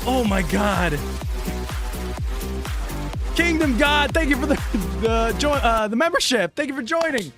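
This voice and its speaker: A man reacting live to news on his stream, loud and hyped, shouting and laughing until he is out of breath. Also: very high voice, lively intonation, unhurried, pauses often, music in the background.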